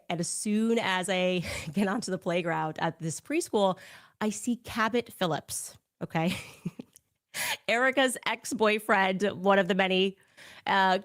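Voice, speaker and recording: Sarcastic woman telling a story. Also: medium pitch. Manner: sarcastic, animated, laughing asides. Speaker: podcast host. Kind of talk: casual storytelling.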